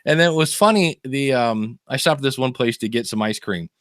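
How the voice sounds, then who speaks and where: A man's voice: medium pitch, fairly quick, a bit bright, no room sound, clean studio sound. A man co-hosting a podcast, telling stories in casual chat, laughing often. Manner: chatty storyteller, laughs often, many fillers. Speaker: podcast co-host.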